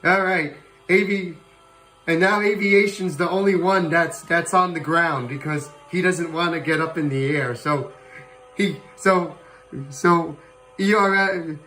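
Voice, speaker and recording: A man hosting a livestream, giving playful live commentary on a virtual airshow, excitable and prone to whoops and chuckles. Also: a little high, unhurried, slight background noise, low-quality recording. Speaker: livestream host. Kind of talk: playful live commentary on a flight sim show.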